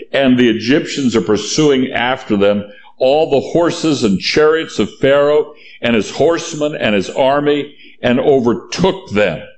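A man preaching a sermon in an emphatic style, reading scripture and then driving points home by repeating them. His voice sits at a middle pitch and often sinks low and slows down for weight. A faint hiss runs under the recording. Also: reverberant. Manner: emphatic, repeats key phrases, drops low and slow for weight.

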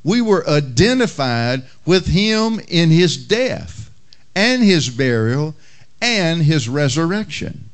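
A male pastor praying and preaching a sermon in a measured, unhurried way, with occasional fillers. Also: a little high, very animated. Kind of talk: sermon with prayer and humorous story.

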